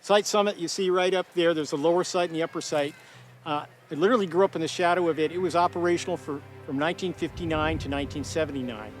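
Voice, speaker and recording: A man's voice: fairly high pitch, steady tone, fast, soft background music. A man who directs a nonprofit, explaining a historic site outdoors in a documentary interview with enthusiasm. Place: outdoors by a ridge.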